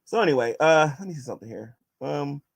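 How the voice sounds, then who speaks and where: A man's voice: a little high, lively intonation, fast, creaky. A man vlogging as he answers viewer questions and combatively addresses his critics, often restarting his sentences. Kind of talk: casual vlog monologue.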